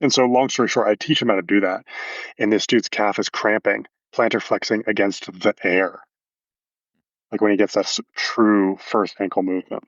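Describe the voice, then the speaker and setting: A man's voice: on the low side, fairly even intonation, moderate pace, no echo, highs cut off. A man coaching athletes, explaining movement casually in a podcast interview with anatomical detail and frequent fillers.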